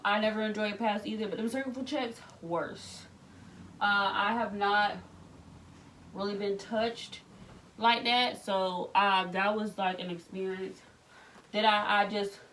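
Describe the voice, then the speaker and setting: A woman in her thirties with a bright, forward voice talks to her followers while tidying her bedroom. She tells candid stories with slang and plenty of feeling, sounding pregnant and a little worn. Her voice sits a bit away from the camera across the room. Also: medium pitch, far from the mic, slight background noise. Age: 30s. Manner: candid, animated storytelling with slang. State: pregnant, back aching. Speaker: vlogger. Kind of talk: casual chat while tidying. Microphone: camera set up across the room.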